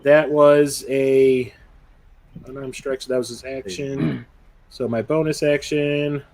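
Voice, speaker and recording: A man narrating a tabletop game as game master, casual and quick to laugh, swearing freely as he describes the action. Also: mid-range voice, steady tone, darkish tone.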